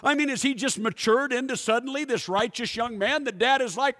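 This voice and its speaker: A pastor giving a sermon, telling a story and putting questions to the congregation. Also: male voice, very high-pitched, fairly quick, a bit bright. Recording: echoey hall with long reverb.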